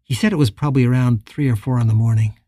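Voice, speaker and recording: Narrator voicing a soft, worried woman friend. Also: a bass voice, fast talker, breathy edge, no room sound, studio quality, pitched below the performer's own voice. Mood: concerned. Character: soft-spoken, concerned woman friend on the phone.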